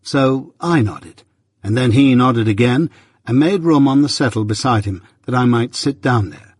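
A man narrating a novel as an audiobook reader, measured and literary. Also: medium pitch, breathy edge, dry recording, studio quality. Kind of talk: scripted narration.

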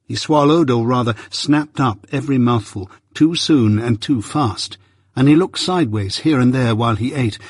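A man narrating a story in a measured storytelling manner. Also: mid-range voice, slightly rough, no echo, studio quality. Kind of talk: scripted narration.

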